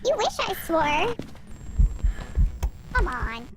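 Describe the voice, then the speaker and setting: A woman's voice: extremely high pitch, wildly swooping pitch, extremely slow, background noise, voice pushed up, full character voice. A woman streamer talking through a chipmunk voice changer, chatty and playful.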